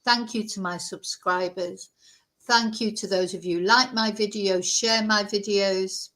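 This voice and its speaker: A woman's voice: medium pitch, a little slow. Chatty woman hosting a vlog. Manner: rambling and animated, with many asides. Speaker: true crime channel host.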